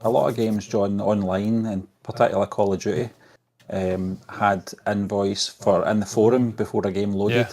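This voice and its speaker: A man's voice: lowish voice, fairly even intonation, moderate pace, darkish tone. A man co-hosting a casual gaming chat, talking hesitantly and correcting himself as he goes. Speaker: podcast co-host.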